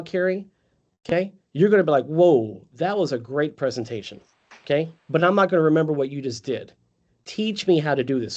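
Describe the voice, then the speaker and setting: Brief: upbeat male sales trainer, slightly high voice, lo-fi video call audio. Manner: energetic, conversational, calls on trainees by name. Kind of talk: live virtual sales training.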